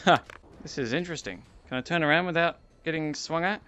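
A man giving excitable VR gameplay commentary, gasping and exclaiming as he plays into a headset mic. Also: on the high side, brisk, clean tone, no room sound, muffled recording. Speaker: gaming YouTuber.

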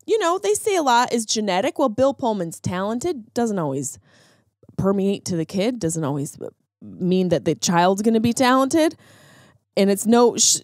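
Female podcast host, sarcastic comedic ranter, high lively voice, dry close sound. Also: no echo. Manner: ranting, sarcastic, animated. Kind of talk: casual comedic monologue.

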